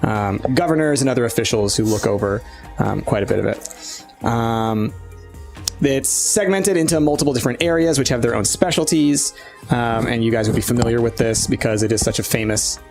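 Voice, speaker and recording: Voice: medium pitch, normal speed, vocal fry, over music. A game master describing a fantasy city in a tabletop game, casual and with many "um"s. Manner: casual, many "um"s between details.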